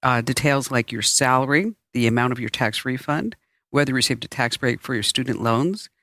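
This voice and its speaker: A man's voice: medium pitch, a little fast, pushed and bright, no echo, studio quality. A man co-hosting a podcast in casual chat, talking loosely with lots of fillers. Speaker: podcast co-host.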